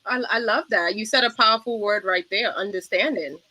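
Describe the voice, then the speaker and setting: A woman's voice: medium pitch, fairly quick, pushed and bright, poor audio. A woman, hosting a livestream panel talk show and reading out viewer comments. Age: 40s. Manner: effusive, reads out viewer comments.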